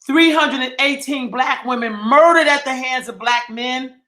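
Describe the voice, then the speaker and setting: A man with a high, bright, cutting voice delivers a fiery livestream monologue. He speaks with heat and blunt profanity, and he hammers his points through repetition. The room around him sounds hollow and echoey. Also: measured pace. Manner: heated, profane, emphatic and repetitive. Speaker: livestream host.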